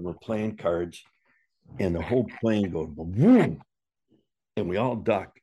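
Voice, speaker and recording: Speaking slowly with long pauses, the former wrestler has a low, husky voice. The older man tells his story in a relaxed, lively way, performing the quotes and swearing liberally.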